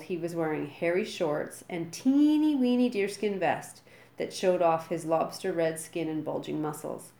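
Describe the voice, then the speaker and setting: A woman reading a children's storybook aloud with lively, dramatic delivery. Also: deep voice, echoey room.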